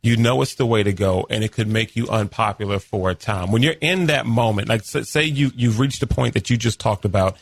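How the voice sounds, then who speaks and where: A man hosting a radio talk show, agreeing warmly and asking long, thoughtful questions. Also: lowish voice, a little fast, vocal fry, hardly any pauses, dry recording.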